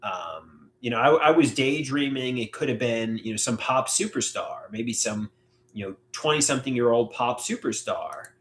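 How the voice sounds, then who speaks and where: A man hosting a live solo stream, talking in a halting, reflective way with many filler words. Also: medium pitch, animated, a bit bright. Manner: halting, reflective, frequent "you know" fillers. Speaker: livestream host. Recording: echoey room.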